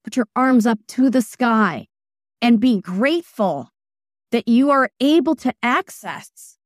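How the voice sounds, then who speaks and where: A woman in her forties, a wellness practitioner being interviewed, talking in a casual, emphatic and animated way that jumps between asides. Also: on the high side, slow pace, no echo, studio quality.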